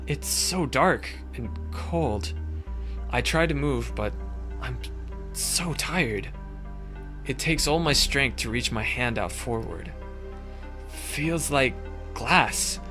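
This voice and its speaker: A man reading the first-person narration of a wounded young woman heroine in a visual novel game, in a weary, shaken manner. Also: medium pitch.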